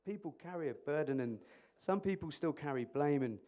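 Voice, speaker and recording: Animated man quizzing a conference audience. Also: fairly high pitch, fairly quick. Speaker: conference speaker, emergency clinician. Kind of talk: interactive conference talk. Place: conference hall. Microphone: microphone.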